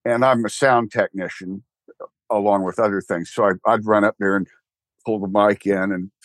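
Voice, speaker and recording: A man's voice: lowish voice, steady tone, moderate pace, dry recording. Older texan guy rambling in a chat, wry, lots of restarts, dry close sound. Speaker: guest, church co-founder. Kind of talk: casual interview chat.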